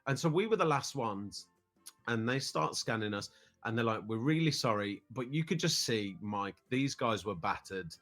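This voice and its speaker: A man's voice: mid-range voice, lively intonation, normal speed, fairly bright tone, faint music behind. British man telling a long story. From United Kingdom. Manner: rambling, repeats words when starting sentences. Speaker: podcast guest. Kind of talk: casual storytelling.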